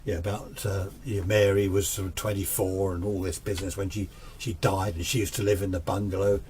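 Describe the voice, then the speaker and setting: A man's voice: low-pitched, level tone, a little fast, a little mellow, a little hiss or hum. A man telling a ghost story in a casual, rambling way, often repeating himself.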